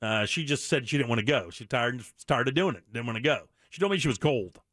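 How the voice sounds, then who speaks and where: A man's voice: medium pitch, animated, fast talker, fairly bright tone, no room sound, studio quality. A middle-aged man hosting a radio show, talking earnestly and bluntly with many restarts. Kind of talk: candid talk radio monologue.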